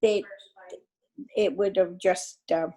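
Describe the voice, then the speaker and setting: A woman's voice: medium pitch, fairly even intonation, slow pace, mellow, poor audio. An older woman from Ireland, a dance teacher telling stories as an interview guest, chatty and laughing easily, often restarting her sentences. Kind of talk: casual storytelling in an interview.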